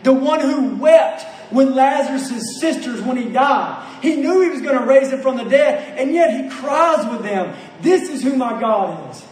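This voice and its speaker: High-voiced passionate male preacher, echoey. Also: animated, a little slow, hardly any pauses, distant mic, a little hiss or hum. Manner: passionate, rhetorical questions, repeats phrases. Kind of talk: sermon.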